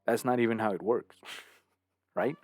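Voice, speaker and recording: A man talks slowly in a low, husky voice with faint music under him. He preaches like a host, drives each point home and keeps checking "right?". Now and then he acts out the voices of other people. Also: a little mellow, no echo. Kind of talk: casual monologue commentary.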